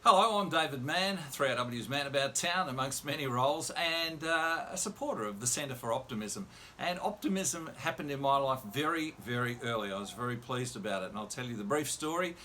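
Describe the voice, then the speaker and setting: Man telling a lively radio story. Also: medium pitch, brisk, hardly any pauses, a little hiss or hum. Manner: anecdotal, animated retelling with quoted dialogue. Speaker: radio presenter. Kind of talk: storytelling on a video call.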